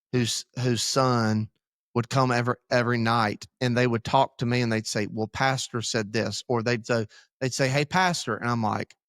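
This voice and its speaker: A man's voice: mid-range voice, fairly bright tone, no echo, clean studio sound. A man, a pastor, talking candidly in a casual podcast conversation, rambling and joking about himself. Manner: candid, rambling, self-deprecating. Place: church podcast room.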